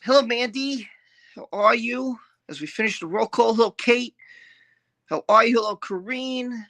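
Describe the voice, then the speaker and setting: Woman, middle-aged, live-stream host, casual chat, greets viewers, bright voice. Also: a little high, moderate pace. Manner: greets viewers by name, chatty and scattered.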